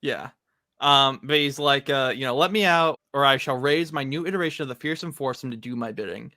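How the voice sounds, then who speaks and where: A man's voice: medium pitch, fairly quick, sharp tone, no room sound, studio quality. A man co-hosting a casual comic recap, rambling with lots of fillers and frequent laughter. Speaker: podcast co-host.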